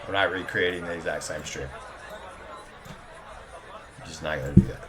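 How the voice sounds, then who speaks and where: A man's voice: rumbling low, steady tone, normal speed, a crowd in the background, noisy background. A man narrating a tabletop game as game master, in a casual, chuckling way.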